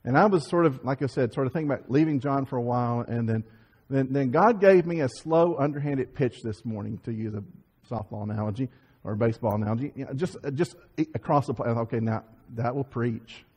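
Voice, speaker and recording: A man preaching a Sunday sermon, telling stories in a lively way, acting out quoted voices and often restarting his sentences. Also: medium pitch, fast talker, slightly rough. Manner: animated storytelling, acts out quoted voices, many restarts. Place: church sanctuary. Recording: church sermon audio with long reverb.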